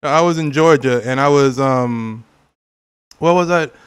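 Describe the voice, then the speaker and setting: A man's voice: mid-range voice, unhurried, clear, resonant tone. Laughing, chatty male game streamer. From California. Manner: laughing often, joking, acts out silly quotes. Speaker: gaming streamer. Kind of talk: casual gameplay chat with viewers.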